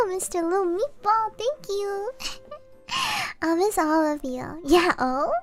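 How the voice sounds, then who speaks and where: A woman streamer chatting softly on a live stream, giggling often as she reads viewer messages aloud. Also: very high-pitched. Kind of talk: soft-spoken live stream chat.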